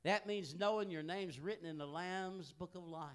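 An older man preaching a sermon, telling folksy family stories that swing from hushed asides to loud, emphatic peaks. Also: high-pitched, moderate pace, clear, resonant tone. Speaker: pastor.

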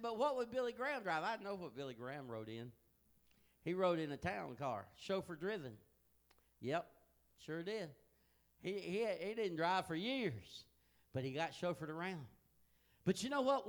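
Older preacher with a lively voice. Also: male voice, sits high, normal speed. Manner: folksy storytelling preacher, swinging from hushed asides to loud emphatic peaks. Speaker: pastor. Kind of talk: sermon.

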